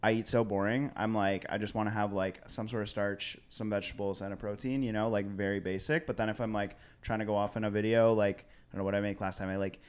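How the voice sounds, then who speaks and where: Laid-back chef, lowish voice. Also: male voice, fairly even intonation, fast, hardly any pauses, clean tone. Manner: laid-back, slangy, hesitant. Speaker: chef, podcast guest. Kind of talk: casual chat.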